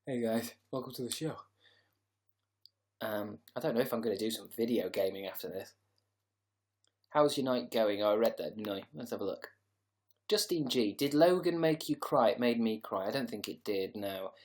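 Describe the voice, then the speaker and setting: A man's voice: lowish voice, normal speed. A tired man hosting a casual livestream, rambling sarcastically and reading out viewer comments. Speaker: livestream host.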